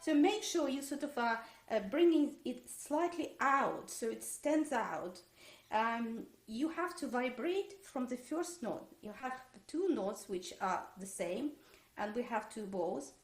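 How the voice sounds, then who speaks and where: A woman's voice: a little high, lively intonation, slow. A woman teaching a violin masterclass online. She hesitates with many fillers and sings musical phrases on syllables. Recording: roomy echo.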